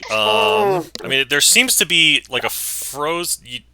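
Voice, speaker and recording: A man's voice: fairly high pitch, animated, slow pace, bright, forceful tone. A man narrating as game master for a tabletop game, hesitant and often searching for words.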